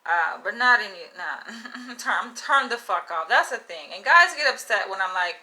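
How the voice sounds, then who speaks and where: A woman's voice: mid-range voice, animated, moderate pace, pushed and bright, low-quality recording. A woman hosting a casual livestream monologue, talking frankly and emphatically, with profanity and frequent laughs. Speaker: livestream host.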